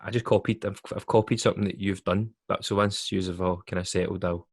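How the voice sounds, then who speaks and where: A man's voice: low-pitched, steady tone, fast talker. Jokey, self-mocking co-host man. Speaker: podcast co-host. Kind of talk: casual chat. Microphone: video call.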